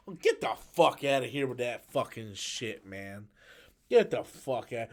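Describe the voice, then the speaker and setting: A man's voice: medium pitch, expressive, a little slow. A man ranting on a live stream about a film he hates, swearing often and mocking its lines in exaggerated voices. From United States. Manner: profane, exasperated ranting with mocking quotes. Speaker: YouTube movie commentator.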